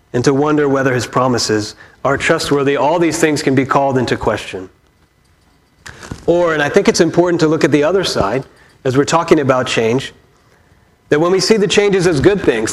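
Conversational male pastor preaching. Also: fairly high pitch. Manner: conversational, storytelling preaching with rhetorical questions. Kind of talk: sermon.

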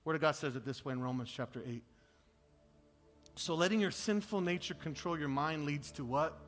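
Animated high-voiced male preacher. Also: fairly quick, faint music behind. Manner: animated, swings from loud and high to low and quiet. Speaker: pastor. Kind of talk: sermon.

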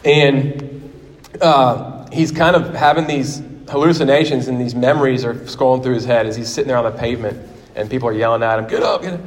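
A man in his forties preaching a sermon in a church, telling stories in a lively way and acting out quotes. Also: mid-range voice, fairly quick. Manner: animated storytelling with acted quotes. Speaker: pastor. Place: church sanctuary. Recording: long hall reverb.

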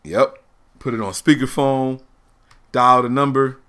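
A man in his thirties telling a family story on a casual talk show, animated and laughing often as he acts out the people in it. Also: medium pitch, measured pace, clean tone. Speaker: podcast host telling a story.

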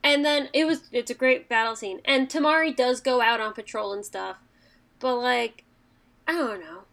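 A woman's voice: a little high, normal speed, vocal fry, a bit bright. A woman co-hosting a casual podcast, rambling and chatty with frequent fillers. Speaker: podcast co-host. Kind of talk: casual chat.

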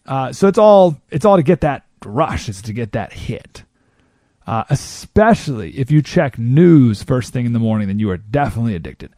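A man hosting a talk show, delivering an animated monologue and mockingly mimicking other people. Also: mid-range voice, moderate pace, dry recording, studio quality. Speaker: radio talk show host. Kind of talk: monologue commentary.

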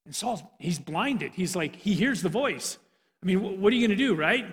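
A male preacher with a notably high voice tells the story with animated energy. He often restarts his sentences. The sound has a long reverb from the church hall. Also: moderate pace. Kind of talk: sermon.

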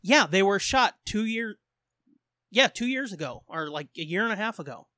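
High-voiced joking podcast host man. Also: lively intonation, normal speed, pushed and bright, no room sound, studio quality. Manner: joking, crude, laughs often. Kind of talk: casual podcast chat.

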